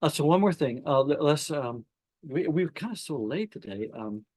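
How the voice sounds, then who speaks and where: A man hosting a spiritual gathering, reading a devotional account aloud at an unhurried pace and stopping to comment before opening the floor to discussion. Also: fairly high pitch, lively intonation, darkish tone, dry recording. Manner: reads slowly, stopping to comment and restart phrases. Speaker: satsang host.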